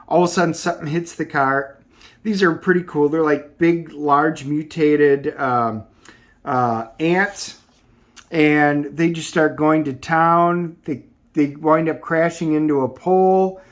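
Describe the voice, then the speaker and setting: A man's voice: a little high, slow pace. A man with a somewhat raised voice walks through a comic book's story in a loose, casual way. He rambles and leans on ums and uhs as he goes. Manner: rambling, filler-heavy summarizing. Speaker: comic book reviewer. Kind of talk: casual plot recap.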